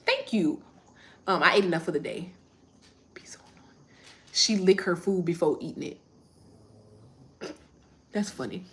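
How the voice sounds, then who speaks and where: A woman's voice: fairly low pitch, slow pace, pauses often, fairly bright tone. A woman, chatting casually on a livestream and answering viewer comments as she rambles. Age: 30s.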